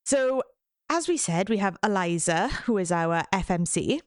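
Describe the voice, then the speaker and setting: A woman's voice: mid-range voice, expressive, moderate pace, no room sound, clean studio sound. A woman podcast host recapping a book in casual, chatty talk, swearing freely and saying "like" a lot. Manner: chatty and profane, heavy use of "like". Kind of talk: casual book recommendation chat.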